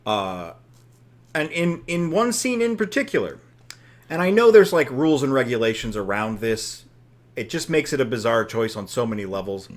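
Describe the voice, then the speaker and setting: A man co-hosting a podcast, chatting casually about a film with laughing asides. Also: medium pitch. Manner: animated, laughing, quick asides. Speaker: podcast co-host. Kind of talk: casual film review chat.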